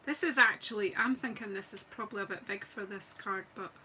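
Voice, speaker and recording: Bright-voiced Scottish woman crafting. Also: mid-range voice, fairly quick, a little hiss or hum, poor audio. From Scotland. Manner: chatty, thinking aloud while crafting. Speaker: craft demonstrator. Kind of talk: live craft stream chat.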